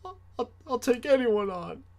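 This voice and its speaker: A man voicing his frightened little-boy self, shrill and stammering as he screams or puts on bravado. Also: animated, normal speed, a little mellow. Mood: shaky bravado. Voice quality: shrill, high squeaky voice. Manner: stammering, frantic.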